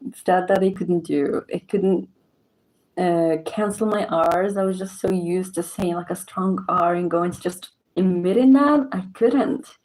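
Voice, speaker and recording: A woman's voice: lowish voice, unhurried, a little mellow, poor audio. A young woman from southern Morocco with a Moroccan accent, chatting casually in a vlog and laughing often. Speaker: vlogger. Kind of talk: casual chat.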